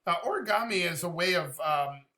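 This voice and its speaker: Bright-voiced man casually breaking down lyrics. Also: high voice, expressive, a little fast. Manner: thinks aloud, laughs often, swears casually. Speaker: reaction video host. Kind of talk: casual song reaction commentary.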